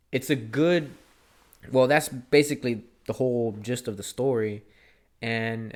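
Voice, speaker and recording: A man's voice: medium pitch, darkish tone. A young man talking straight to camera in a casual monologue, rambling and earnest, dropping swear words as he goes. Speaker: vlogger.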